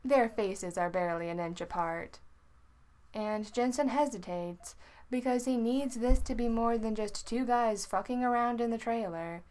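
A woman reading a story aloud in an unhurried, informal way. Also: a little high, darkish tone. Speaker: narrator.

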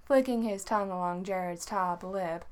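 A woman reading a story aloud in an unhurried, informal way. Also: medium pitch. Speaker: narrator.

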